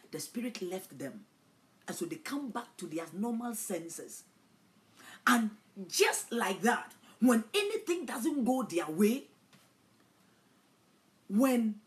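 A woman preacher giving a dramatic sermon, swinging from hushed storytelling to loud declarations. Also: mid-range voice, big pitch swings, takes it slowly.

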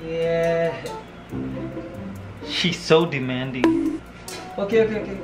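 A fairly high-voiced man chats slowly and playfully in an echoey room, laughing often and cooing to his pet. Music plays clearly behind him. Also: expressive. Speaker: vlogger. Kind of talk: casual vlog chat. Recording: roomy echo with music behind.

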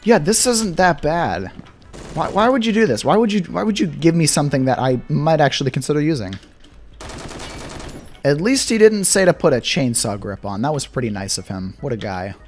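A young man giving casual gameplay commentary, excitable and sarcastic, swinging between mock despair and glee. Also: fairly high pitch, moderate pace, soft background music. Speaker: gaming YouTuber.

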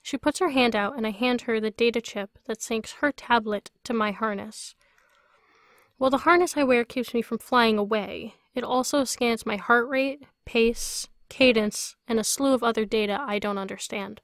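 A woman's voice: fairly high pitch, moderate pace, no echo. Woman narrating her novel, dry sound. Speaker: author reading her book. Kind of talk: audiobook narration.

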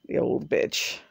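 A woman vlogger in casual chat, talkative, often laughing and swearing freely.

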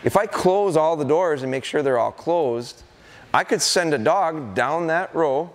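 A middle-aged man from Wisconsin giving a live dog-training seminar to an audience, telling stories and acting out excited calls to a puppy. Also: a little high, measured pace. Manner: animated storytelling, acts out excited calls to dogs. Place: large indoor hall with a corridor.

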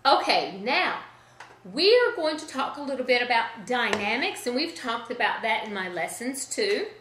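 A woman music teacher leading a children's sing-along lesson in a gentle, chatty way, often stopping to correct herself. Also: fairly high pitch, very animated, normal speed, echoey room, a little hiss or hum.

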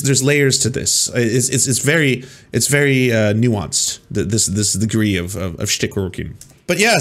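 A man hosting a casual reaction commentary, sarcastic and rambling, often repeating and restarting his words. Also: mid-range voice. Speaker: host.

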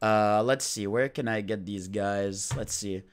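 A man's voice: on the low side, fairly even intonation, unhurried, crowd noise. A young man hosting a live stream, talking to chat in a brash, profane, hyped-up way.

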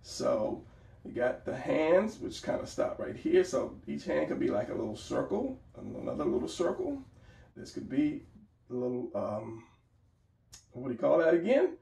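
Man, drawing tutorial, gravelly voice, fairly high pitch, roomy sound, camera mic from afar. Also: big pitch swings, moderate pace, warm tone, recorded from a distance. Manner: encouraging, talks while sketching, repeats phrases. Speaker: art teacher. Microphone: camera mic at a distance.

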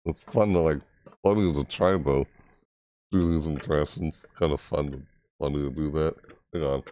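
A man hosting a casual reaction video, rambling excitedly about a game trailer. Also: normal speed, no echo. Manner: excitable, rambling, mimics game voices in high yelps.

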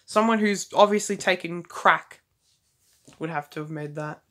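A woman's voice: on the low side, a little slow, a bit bright. A woman reading fanfiction aloud, stopping often for casual, wry asides and restarting words as she goes. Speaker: fanfiction reader.

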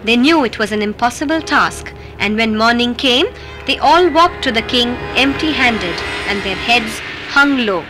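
A woman narrating a children's fairy tale in a gentle, measured way. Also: a little high, lively intonation, music in the background. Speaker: storyteller.

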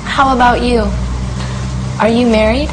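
A woman reading a scripted English lesson dialogue, answering slowly and deliberately, on a noisy recording. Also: fairly high pitch, fairly even intonation.

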